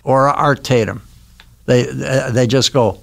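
An older man from Wisconsin, a podcast guest telling anecdotes and memories in a relaxed, casual interview in a recording studio. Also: medium pitch, slow, creaky. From Milwaukee, Wisconsin. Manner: reminiscing, anecdotal storyteller.

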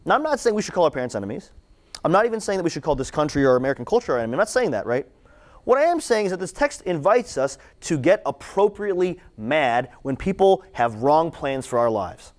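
A man's voice: fairly high pitch, sing-song, fast talker. A man giving a casual, conversational sermon to students. He repeats his questions for emphasis and adds "right?" and "like" along the way. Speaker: campus ministry speaker.

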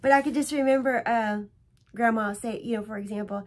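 On her own stitching vlog, a woman with a brisk, higher-pitched voice shows her projects at home. Her talk is casual show-and-tell, chatty, rambling and emotional.

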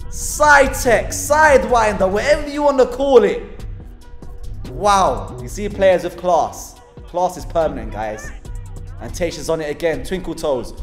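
A man, a football team manager, giving a voice-over commentary on his team's match, excitable and teasing his players. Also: high-pitched, a little slow, faint music behind.

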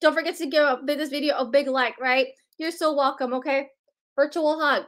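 A woman's voice: high voice, fairly even intonation, moderate pace, fairly bright tone. A woman hosting a live sales stream, greeting viewers by name in a bubbly, chatty way.

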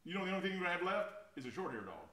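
A middle-aged man delivers a sermon in a folksy, conversational way. His voice sits a little high and rings bright and forceful. He swings from loud, driving swells down to quiet, intimate drops. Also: big pitch swings, very fast. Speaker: pastor.

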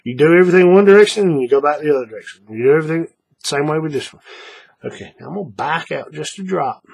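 A man's voice: a little high, lively intonation, fast, vocal fry, a little mellow, slightly rough. Folksy man talking through a craft demo. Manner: folksy, repeats steps, checks in with viewers. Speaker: paracord craft instructor. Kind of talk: hands-on tutorial narration.

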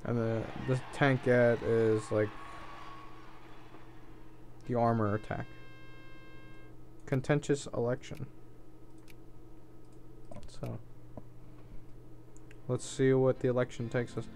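A man's voice: mid-range voice, steady tone, takes it slowly, pauses often, a little mellow, a little hiss or hum. A man giving casual gameplay commentary, thinking aloud in an offhand way and swearing now and then. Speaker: let's play host.

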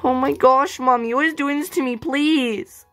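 A woman's voice: high-pitched, moderate pace, a bit bright, faint music behind. Carlene, a woman playing a whiny begging daughter. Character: pleading, sulky adopted daughter, young woman. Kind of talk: amateur home-made family drama.

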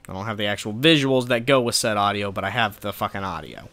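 Guy cursing nonstop at a video game boss, sarcastic rant, bright sharp voice. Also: fairly low pitch, fast. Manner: profane, ranting frustration at the game. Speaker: let's play gamer. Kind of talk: gameplay commentary.

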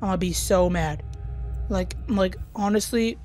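A woman's voice: mid-range voice, moderate pace, a little mellow, slight background noise. A young woman giving dramatic, panicky commentary while playing a horror game and talking to her viewers. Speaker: gaming YouTuber.

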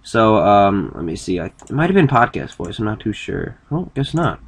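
A man talking through a casual screen-recorded software tutorial, rambling and correcting himself as he goes. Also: fairly low pitch, big pitch swings, moderate pace, vocal fry, slight background noise. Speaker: video tutorial maker.

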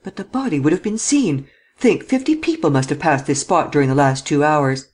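Fretful fussy magistrate in an audiobook, worried questions, slightly high voice, man reading it. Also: animated, fairly quick, close to an everyday voice. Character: anxious fussy male examining magistrate.

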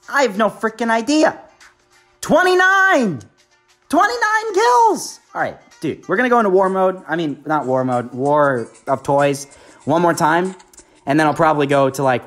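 A woman giving excitable, hyped gameplay commentary as a gaming YouTuber, talking straight to her viewers. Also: deep voice.

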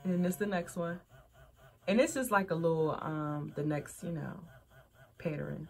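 A woman's voice: low voice, fairly even intonation, moderate pace, gravelly, a little mellow. A young woman, chatting frankly to camera as a vlogger and calling her viewers y'all. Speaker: vlogger reviewing adult toys. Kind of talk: casual chat to camera.

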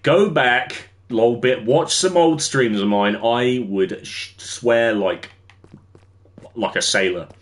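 A man's voice: medium pitch, slow. A young English man chatting casually on a gaming livestream, rambling and answering his chat as he plays. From England. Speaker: streamer.

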